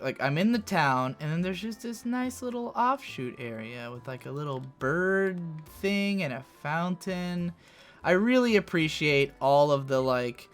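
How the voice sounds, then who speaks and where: Young male let's play host, chatty and profane, bright edgy voice over quiet game music. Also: a little high. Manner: rambling, swears freely, excitable outbursts. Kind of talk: casual gameplay commentary.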